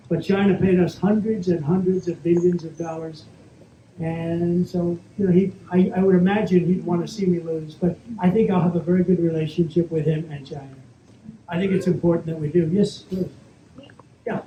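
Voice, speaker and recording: A man's voice: high-pitched, steady tone, normal speed, warm tone. A man giving an off-the-cuff Q&A speech as a politician, talking in a repetitive, boastful, rambling way full of asides. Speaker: politician answering audience questions. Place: event hall at a private club, live audience. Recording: echoey, dull audience recording with faint noise.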